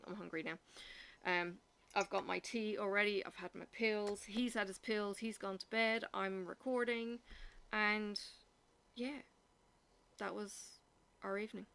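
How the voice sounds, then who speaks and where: Woman rambling on in a home vlog, kinda gravelly, bright tone, lots of ums. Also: medium pitch. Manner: rambling, chatty storytelling with many fillers. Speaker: vlogger. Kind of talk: casual chatty vlog. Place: home, recorded in the evening.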